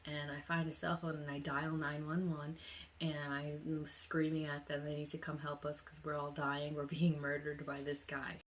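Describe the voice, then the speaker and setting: Young woman vlogger w a deep-ish voice, chatty storytelling, goes soft and quiet when she reflects. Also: moderate pace, a little hiss or hum. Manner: animated storyteller, acts out quoted voices with sudden high pitch jumps; drops to a soft, low murmur when reflecting. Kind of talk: casual dream retelling.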